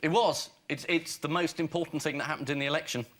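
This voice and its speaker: A man's voice: a little high, fairly even intonation, quick pace. Sardonic man on a comedy panel. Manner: sardonic jibes. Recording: live studio with loud background noise.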